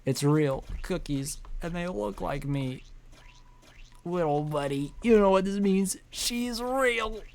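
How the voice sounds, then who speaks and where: A man's voice: a little high, gravelly, a little mellow, voice pushed up, exaggerated voice. A man voicing a lovesick, self-pitying young pizza delivery guy in a video game, talking in an overwrought, dramatic way. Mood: giddy.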